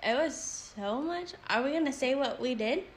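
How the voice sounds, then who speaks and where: A young woman co-hosting a podcast in casual chat, loud and quick to laugh, swearing freely. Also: high-pitched, lively intonation. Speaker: podcast co-host.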